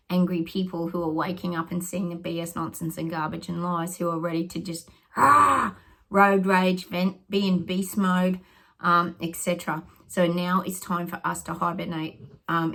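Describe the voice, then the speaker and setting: A middle-aged woman vlogs her psychic predictions in a loose, rambling way, thinking aloud as she goes. Her voice sits a little low, with a husky, breathy edge and some gravelly fry. Now and then she drops into a whispered aside. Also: a bit bright.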